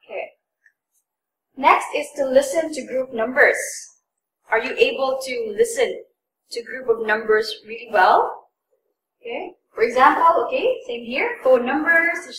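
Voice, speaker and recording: High-voiced woman teaching from across an echoey room. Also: a bit bright, recorded from a distance, slight background noise. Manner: patient, repeats and stresses words for learners. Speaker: English test tutor. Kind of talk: classroom lesson.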